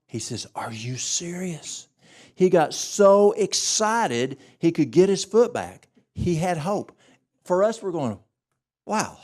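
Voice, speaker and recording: Gravelly man telling a story at a church workshop. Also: on the high side. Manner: animated storytelling, acts out dialogue. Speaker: health workshop presenter. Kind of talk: church health talk.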